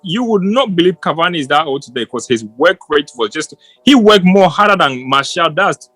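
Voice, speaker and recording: High-voiced man giving rambling football opinions. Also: lively intonation, moderate pace, a bit bright, dry recording, soft background music. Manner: rambling, restarts often, passionate opinions. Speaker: football podcast co-host. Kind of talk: casual post-match chat.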